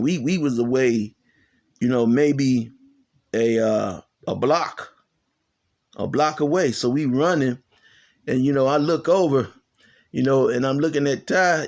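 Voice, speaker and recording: A man telling a long, rambling, profane story in casual talk, full of fillers and "you know," laughing as he goes. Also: a little high. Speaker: channel host.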